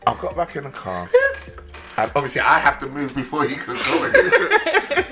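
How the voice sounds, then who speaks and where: Over background music, a podcast guest with a slightly high voice tells stories at a normal pace in casual conversation. He's an animated storyteller who drops almost to a whisper for emphasis.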